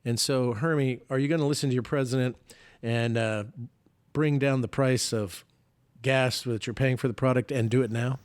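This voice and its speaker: A man's voice: mid-range voice, steady tone, normal speed. Talkative male podcast co-host. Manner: conversational, with frequent restarts. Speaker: podcast co-host, former senator. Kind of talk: casual political talk.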